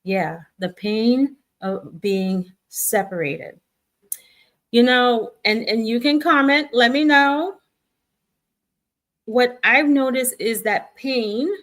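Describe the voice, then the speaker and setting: A middle-aged woman hosting a casual spiritual guidance talk, speaking reassuringly to her viewers and acting out the voices in their heads. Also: on the high side. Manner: warm, reassuring, acts out viewers' inner voices.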